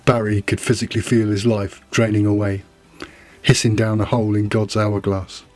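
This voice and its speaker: A man's voice: on the low side, flat delivery, normal speed, a little mellow, faint music behind. A man narrating a novella trailer with dry, wry storytelling. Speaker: audiobook narrator. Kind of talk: scripted narration.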